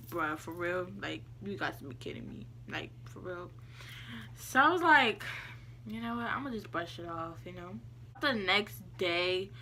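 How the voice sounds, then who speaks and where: A young woman vlogger telling a story in a casual, slangy, animated way, often breaking into laughter. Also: medium pitch, a little hiss or hum.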